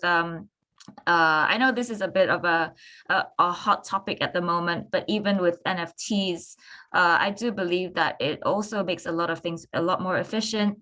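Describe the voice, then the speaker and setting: Young woman on a panel, kinda hesitant, lots of ums and restarts, lowish voice. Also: a bit bright. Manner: hesitant, many restarts and fillers. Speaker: artist on a panel. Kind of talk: live panel discussion answer.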